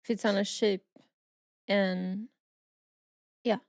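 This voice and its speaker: A woman from Portugal speaking English with a Portuguese accent as a podcast co-host, talking casually and often pausing to search for words. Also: medium pitch, fairly even intonation, darkish tone, no echo, clean studio sound. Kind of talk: casual chat.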